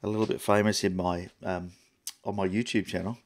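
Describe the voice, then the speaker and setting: A man's voice: low-pitched, little pitch movement, fairly quick. A middle-aged Australian man hosting a photography livestream, rambling and chatty with lots of fillers and restarts. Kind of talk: casual live-stream chat.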